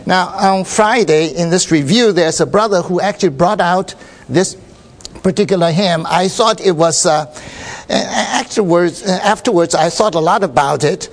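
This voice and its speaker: A man giving an informal Bible sharing at a church meeting, talking haltingly with many fillers and restarts and often checking that his listeners understand. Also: high-pitched.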